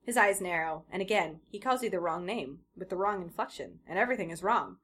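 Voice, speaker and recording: A woman's voice: lowish voice, expressive, fairly quick, fairly bright tone, breathy edge. A young woman, a podcast host, dramatically reading fan fiction aloud with a playful, theatrical delivery. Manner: theatrical, breaking into laughter.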